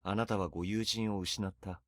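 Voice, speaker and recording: An actor playing a cold, logical shopkeeper in a game, speaking calmly and detachedly. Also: male voice, fairly low pitch, fast, dry recording, clean studio sound, close to an everyday voice. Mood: cool. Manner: calm, detached, reasoning.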